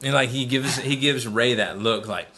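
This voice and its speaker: A man's voice: mid-range voice, normal speed, bright, forceful tone. A man hosting a podcast in casual, rambling, jokey chat about films, breaking into silly voices now and then. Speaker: podcast host.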